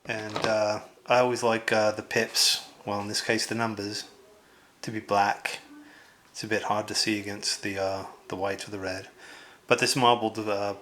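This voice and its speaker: A man's voice: on the low side, flat delivery, moderate pace, a bit bright, a little hiss or hum, rough recording. A man chatting casually as he unboxes a board game, rambling with lots of fillers and asides.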